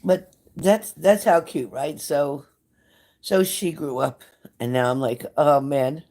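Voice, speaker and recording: A woman's voice: deep voice, lively intonation, slow pace, dark tone. An older woman hosting a live stream as a psychic reader, talking casually and emotionally to her viewers, scattered and chatty.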